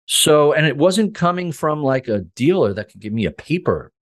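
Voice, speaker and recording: A man's voice: fairly high pitch, normal speed. A middle-aged man telling stories in a casual podcast chat, acting out the conversations. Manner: animated, acts out conversations. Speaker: podcast guest. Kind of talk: casual storytelling.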